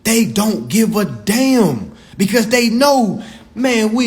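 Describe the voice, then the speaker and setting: A man's voice: high-pitched, sing-song, takes it slowly. A man ranting on a live stream to followers, profane and preachy, mocking people as he lectures. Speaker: social media commentator. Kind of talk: instagram live rant. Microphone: phone on a live stream.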